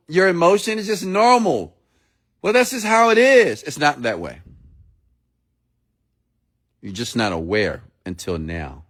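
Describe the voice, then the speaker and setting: A man giving a motivational sermon-style talk, blunt and preachy, who swears freely and repeats himself for emphasis. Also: fairly high pitch. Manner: addresses listeners directly with questions. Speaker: motivational speaker.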